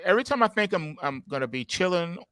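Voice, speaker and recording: A man's voice: sits high, expressive, fast talker, fairly bright tone, clear, resonant tone, no echo, clean studio sound. A man co-hosting a casual livestream, laid-back and friendly, calling people man and brother. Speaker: co-host.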